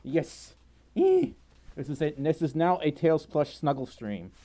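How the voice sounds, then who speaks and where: Male livestream host, slightly high voice, bubbly and giggly, prone to squealing. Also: normal speed, dark tone. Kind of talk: casual livestream chat.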